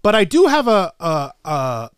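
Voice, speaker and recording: A man's voice: on the high side, a little slow, clear, resonant tone, dry recording, clean studio sound. A man telling a story in casual chat, swearing constantly and using slang. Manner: profane, slangy, animated retelling. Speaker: podcast co-host.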